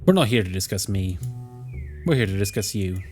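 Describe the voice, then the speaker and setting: A man's voice: lowish voice, lively intonation, fairly quick, a little mellow, faint music behind, pitched below the performer's own voice, close to an everyday voice. A man reading a blunt old psychoanalyst. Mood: dry. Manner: dry, questioning. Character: blunt, probing older male psychoanalyst.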